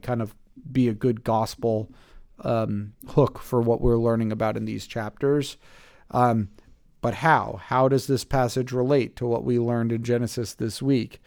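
A man hosting a casual Bible study podcast, his voice sitting at an ordinary middle pitch. He reads scripture, then thinks aloud with fillers and restarts. The recording is dry and close, with no room sound. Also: fairly even intonation, moderate pace, a little mellow, no room sound. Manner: thoughtful, with many fillers and restarts. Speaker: podcast host.

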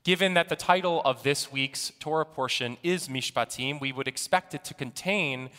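A man giving a sermon in a deliberate storytelling manner. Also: medium pitch, pushed and bright, in a large hall. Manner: storytelling, slow and deliberate delivery. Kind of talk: sermon with an opening joke.

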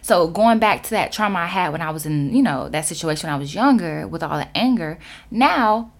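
A woman motivational speaker telling a personal story in a sassy, emphatic and animated way. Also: lowish voice, brisk.

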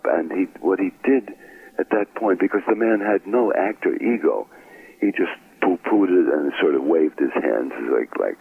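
A man's voice: low-pitched, moderate pace, creaky, husky, dry recording. An older man from Brooklyn, an actor telling stories in an interview, acting out the voices of people he quotes. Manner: anecdotal, acts out quoted voices. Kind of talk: storytelling interview. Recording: tinny phone-like line.

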